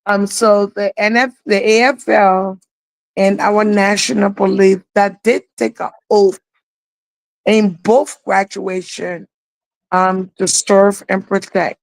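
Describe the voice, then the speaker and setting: A woman's voice: mid-range voice, little pitch movement, takes it slowly, vocal fry, no echo, poor audio. A woman co-hosting a live online talk show, telling a story in an emotional, rambling way. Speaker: co-host.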